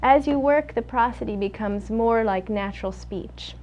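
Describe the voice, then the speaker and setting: Young woman coaching a speech exercise. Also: on the high side. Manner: patient, coaching, gives quick bright praise. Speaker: student speech clinician. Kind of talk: demonstrating a speech therapy session.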